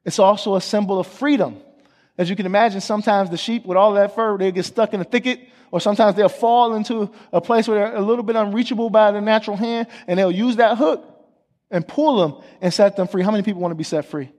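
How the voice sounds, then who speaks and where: Speaking fast in a high, gently mellow voice, a male pastor preaches to his congregation, and the sanctuary's long hall reverb carries every line. He calls on them to repeat after him, poses questions to them, and jokes around between points in classic call-and-response fashion.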